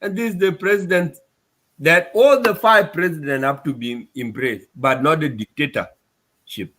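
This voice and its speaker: A man speaks to his community, upset and insistent, and circles back to the same points again and again. His voice sits somewhat high for a man. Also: moderate pace, fairly bright tone. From South Sudan. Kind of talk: impassioned address to his community.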